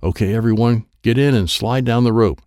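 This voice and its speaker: A man voicing a calm, commanding male karate instructor. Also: mid-range voice, a little fast, no echo, studio quality, pitched above the performer's own voice, natural voice.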